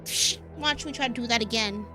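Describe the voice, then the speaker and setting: A woman streamer casually playing a game, reading its text aloud with excitable, profane outbursts. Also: a little high, brisk, over music.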